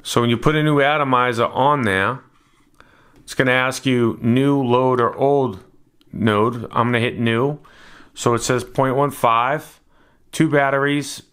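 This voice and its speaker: A man's voice: medium pitch, a bit bright. A man narrating a casual hands-on product review in a laid-back, matter-of-fact way.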